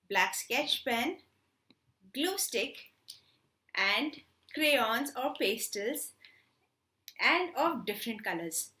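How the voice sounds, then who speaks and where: A woman teacher telling a story to children in an expressive, animated way, asking them questions. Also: a little high, roomy sound. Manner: expressive, slow and animated, with many questions to kids.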